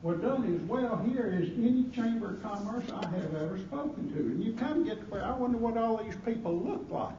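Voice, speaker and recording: Southern man, after-dinner speaker, folksy joking storyteller, high-pitched voice, far from the mic in a roomy hall. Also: lively intonation, brisk, hardly any pauses, warm tone, slight background noise. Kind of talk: humorous speech. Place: banquet hall at a gala dinner. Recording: roomy, distant, muffled hall recording with crowd.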